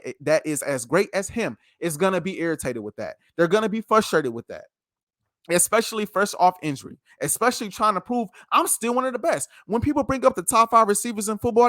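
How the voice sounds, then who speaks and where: A man's voice: sits high, a bit bright, no echo, studio quality. A man co-hosting a sports podcast, ranting passionately and repeating himself for emphasis in a heated debate.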